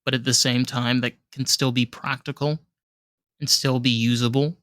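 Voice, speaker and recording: A man's voice: medium pitch, flat delivery, moderate pace, fairly bright tone, no room sound, clean studio sound. A man hosting a podcast interview, talking in a loose, rambling way with many fillers. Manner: rambling, lots of likes and restarts. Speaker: podcast host. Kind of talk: casual interview chat.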